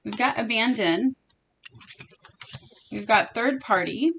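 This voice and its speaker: A woman's voice: fairly high pitch, slow pace, fairly bright tone, a little hiss or hum. A young woman giving a casual tarot reading to her viewers, talking earnestly and emphatically and repeating her phrases. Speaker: tarot reader.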